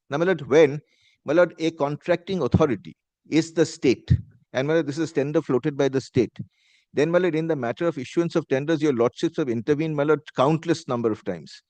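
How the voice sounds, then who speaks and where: A man's voice: fairly high pitch, fast talker, a little mellow, no echo. A man with an Indian English accent, an advocate making a formal courtroom argument and saying "my lord" again and again. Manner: formal, repeats "my lord" constantly. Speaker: advocate arguing before a judge.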